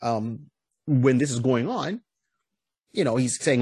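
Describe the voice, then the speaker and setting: A man's voice: medium pitch, slow pace, pauses often, husky, dry recording. A man hosting a podcast, casually retelling a comic's plot with many restarts and frequent "you know"s. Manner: lively storytelling retelling. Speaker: podcast host.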